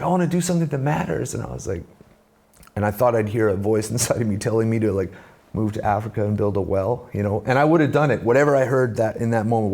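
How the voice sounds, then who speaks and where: Gravelly, dark-voiced man telling his story. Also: fairly low pitch. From Canada. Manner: animated storyteller, acts out quoted voices. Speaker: guest, musician and speaker. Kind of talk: conversational storytelling.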